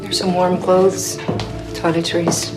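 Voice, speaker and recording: An actress playing a calm, controlling woman doctor who speaks softly and reassuringly in a film scene. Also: lowish voice, music in the background. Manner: soft, measured, reassuring.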